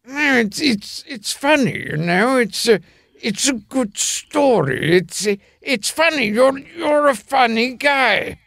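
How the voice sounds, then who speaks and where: A man's voice: very high-pitched, lively intonation, takes it slowly, vocal fry, fairly bright tone, dry recording, clean studio sound, full character voice. A man playing a nervous young gangster who stammers and hesitates, repeating his words.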